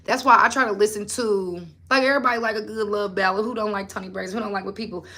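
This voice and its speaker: A woman's voice: medium pitch, steady tone, quick pace, bright, forceful tone. A woman, hosting a casual motivational livestream. She preaches and talks in slang, firing direct questions at her viewers.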